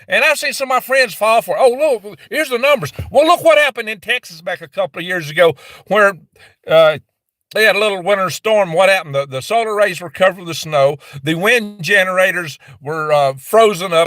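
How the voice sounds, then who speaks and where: A man's voice: high voice, sharp tone, no room sound, studio quality. A man hosting a live stream and ranting heatedly, mocking others in put-on voices. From American West. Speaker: channel host.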